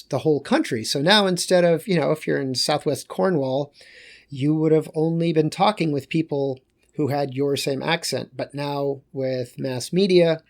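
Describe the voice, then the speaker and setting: A male teacher giving a recorded lecture in a conversational way, with joking asides. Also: on the high side.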